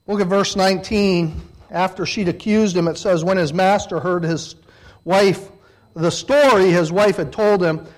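A middle-aged man delivering a sermon in a fairly high voice. He swings between loud, emphatic peaks and quiet, hushed passages. He acts out the voices of the people he quotes. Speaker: preacher.

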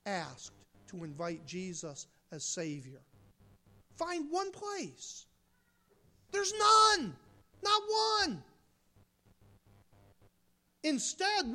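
A woman's voice: sits high, a bit bright. A woman from the United States preaching a sermon, emphatic, with rhetorical questions and mocking asides.

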